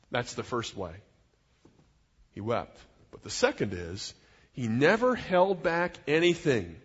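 A man's voice: medium pitch, sing-song, takes it slowly, long pauses, breathy edge. A middle-aged man preaching a sermon as a pastor, in an earnest, conversational way with personal asides. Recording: dull sound in a reverberant hall.

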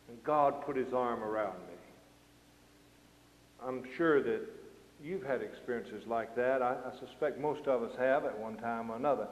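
A man's voice: mid-range voice, moderate pace, a little mellow. An older man preaching a sermon, with an emphatic delivery that rises and falls. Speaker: pastor. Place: church sanctuary. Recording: roomy hall sound, muffled lo-fi.

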